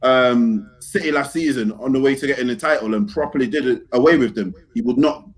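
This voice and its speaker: A man's voice: medium pitch, a little fast. A man co-hosting a football podcast, arguing his point in slangy talk and often asking if you get what he's saying. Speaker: podcast co-host. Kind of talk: casual football podcast chat.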